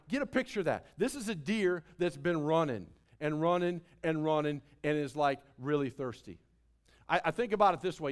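High-voiced animated preacher man. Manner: animated preaching, swinging from soft asides to loud emphasis. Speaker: pastor. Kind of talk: sermon.

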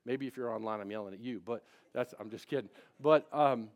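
A male pastor delivering a live sermon to his congregation, swinging between loud emphatic preaching and quiet confiding asides, often restarting and repeating words. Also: mid-range voice, brisk. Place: church before a congregation.

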